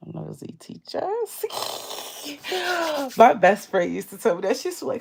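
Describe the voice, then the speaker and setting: A woman's voice: on the high side, very slow, long pauses, slight background noise. A young woman, chatting candidly to her viewers while doing her nails, laughing often and acting out what she said to others. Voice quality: gravelly vocal fry. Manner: candid, laughing often, quotes herself in lively voices. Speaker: beauty vlogger. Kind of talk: casual storytime chat.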